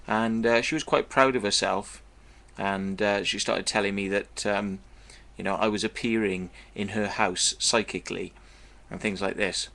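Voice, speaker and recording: Blunt vlogger, low bright voice, profane meandering storyteller. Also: male voice, steady tone, moderate pace, gravelly. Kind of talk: casual storytelling monologue.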